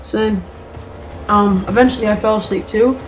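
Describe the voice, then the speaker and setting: A woman's voice: medium pitch, steady tone, normal speed, soft background music, poor audio. Chatty woman telling a story. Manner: chatty, lots of fillers. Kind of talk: casual storytelling vlog.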